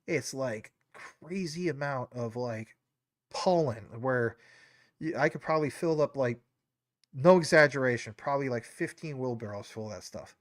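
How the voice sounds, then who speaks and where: A man's voice: medium pitch, animated, normal speed, no echo, studio quality. A man hosting a live stream, talking in a rambling, casual way with lots of fillers, his nose a bit stuffy. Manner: rambling, many fillers and tangents. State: stuffy nose, a little choked up. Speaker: livestream host.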